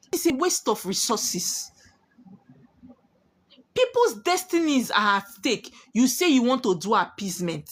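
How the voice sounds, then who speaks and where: A woman speaks as a spiritualist addressing her followers. Her voice sits high and swoops widely as she drives home warnings in an emphatic, preaching manner. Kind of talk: prophetic monologue to viewers.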